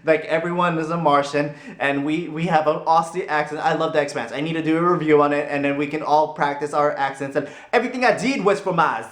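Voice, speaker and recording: Brief: chatty male vlogger, fairly high voice, roomy echo around him. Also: fairly quick, few pauses. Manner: rambling, animated, laughs easily. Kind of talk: casual opinion vlog. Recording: roomy echoey room.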